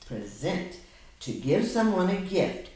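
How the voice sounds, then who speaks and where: A woman tutoring a child one-on-one in a reading lesson, patient and coaxing, slowing down to model words. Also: rumbling low, animated, a little mellow. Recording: echoey room, mic at a distance.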